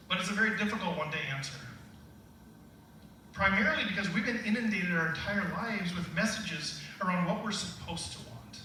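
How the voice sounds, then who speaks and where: A man's voice: high-pitched, bright, forceful tone. A middle-aged man giving a motivational keynote, conversational and humorous. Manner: conversational, humorous, laughs with the audience. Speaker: keynote speaker. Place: large hall at a school staff gathering. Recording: echoey hall, distant mic, faint hum.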